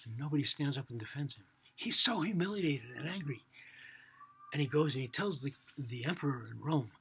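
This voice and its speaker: A man telling a religious story for children in a casual, animated way, acting out the dialogue and swinging between loud and soft. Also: mid-range voice, moderate pace, vocal fry, breathy edge.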